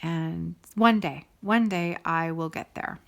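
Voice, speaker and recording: A middle-aged woman talks straight to her viewers in a relaxed, chatty way, drifting into one sidebar after another. Her voice sits a little low, and she sounds warm and eager as she goes. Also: slow pace, creaky. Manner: chatty and rambling, with asides and sidebars; warm and enthusiastic. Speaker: host of a stitching video show. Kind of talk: casual chat to viewers.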